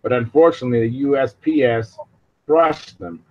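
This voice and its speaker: A man's voice: mid-range voice, moderate pace, no room sound, dull audio. A man hosting a casual video hangout, talking in a rambling way with many fillers over a video call. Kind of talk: casual chat.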